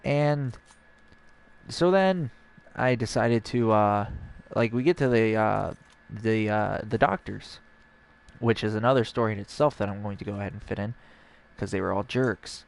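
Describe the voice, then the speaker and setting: A man's voice: lowish voice, moderate pace, gravelly, clean tone. A young man, a streamer, telling a long personal story in a casual, rambling way and acting out the dialogue. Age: young adult.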